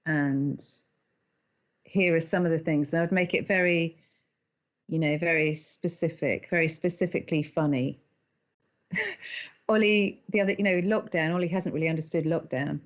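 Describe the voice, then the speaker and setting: A middle-aged woman, an animated storyteller who laughs often as a podcast guest. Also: deep voice, normal speed, long pauses, lo-fi sound. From England. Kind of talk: conversational interview.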